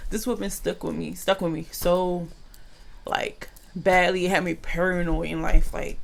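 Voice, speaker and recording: Woman vlogger in a casual storytime, gravelly fry in her voice, lively and slangy with viewers. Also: fairly low pitch, normal speed. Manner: animated, slangy, addresses viewers as y'all.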